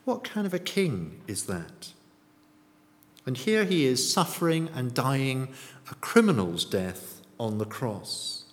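A man's voice: mid-range voice, big pitch swings, takes it slowly. A man preaching a sermon in a church, often putting rhetorical and tag questions to the congregation. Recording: long church reverb.

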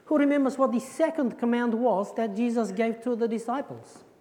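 Brief: woman preacher, playful children's talk, bright-pitched, heard in a reverberant church. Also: normal speed. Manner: playful, joking, quizzing the audience. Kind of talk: interactive children's sermon. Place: church hall. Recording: echoey church hall.

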